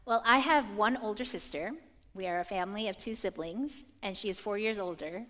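A young adult woman preaching a sermon, telling personal stories in an animated way and acting out quotes. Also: mid-range voice, brisk. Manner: animated storytelling, acts out quotes. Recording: long reverb of a church hall.

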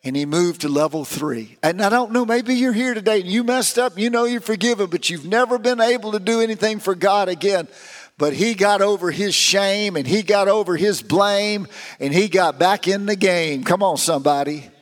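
A man's voice: sits high, moderate pace, big-room sound. A man preaching a sermon, telling stories with rising and falling emphasis.

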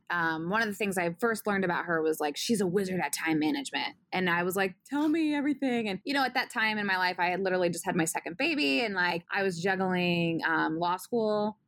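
A woman in her thirties in casual conversation, animated, laughing often and reading passages aloud. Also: lowish voice. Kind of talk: casual chat.

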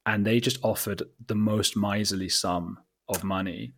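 An Englishman with a husky, fairly low voice tells his story in a loose, chatty way. He is animated and self-deprecating, and he keeps slipping in quoted asides. His English accent stays plain throughout. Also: a little slow. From England. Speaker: documentary filmmaker, guest. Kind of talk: casual interview storytelling.

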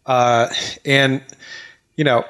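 A man talking in an excited, rambling way, chatting casually as a co-host of a gaming talk show. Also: mid-range voice, clear, resonant tone. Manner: excited, rambling, quick bursts. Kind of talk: casual chat.

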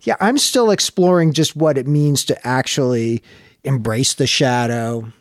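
A man's voice: mid-range voice, a little slow, no echo. Reflective man in dry, casual chat. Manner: reflective, searching, swears casually.

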